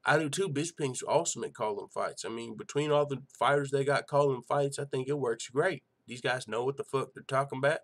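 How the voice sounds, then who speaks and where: A man hosting a casual live-stream show and reading out chat, talking in a profane, excitable way full of rhetorical questions. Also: mid-range voice, a little fast, hardly any pauses.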